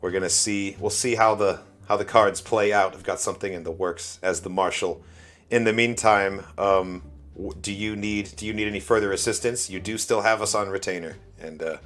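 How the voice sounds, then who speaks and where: A low-voiced man chats as a player in a tabletop role-playing game. He talks animatedly, tumbling over restarts and laughing often. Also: steady tone, fairly quick, a bit bright, soft background music. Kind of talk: casual tabletop role-play.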